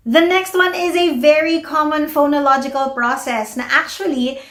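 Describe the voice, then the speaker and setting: Filipino woman, speech therapist, bilingual teaching talk, models words slowly, roomy sound. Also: high-pitched, fairly even intonation, fairly bright tone. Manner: switches between English and Tagalog, explains with slow modeled words. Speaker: speech-language pathologist and host. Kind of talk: educational talk to parents.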